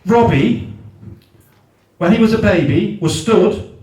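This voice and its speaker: High, exasperated swearing comic. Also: male voice, expressive, slow pace, darkish tone. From South Wales. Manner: exasperated ranting, heavy swearing. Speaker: stand-up comedian. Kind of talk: stand-up comedy set. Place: large function room at a comedy night. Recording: roomy live venue, mic at a distance.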